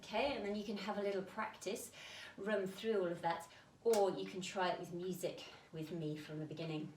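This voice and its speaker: A woman's voice: mid-range voice, fairly even intonation, a little fast, a little hiss or hum. Breathless British woman teaching kids dance. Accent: British English. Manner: encouraging, gentle cues. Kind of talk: children's dance lesson. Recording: roomy sound, mic at a distance.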